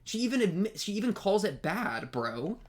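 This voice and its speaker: A young man hosting an anime reaction video, ranting in an exasperated, rambling way, with many restarts and sudden leaps up in pitch. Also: big pitch swings, normal speed. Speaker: anime reaction channel host. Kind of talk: animated reaction commentary.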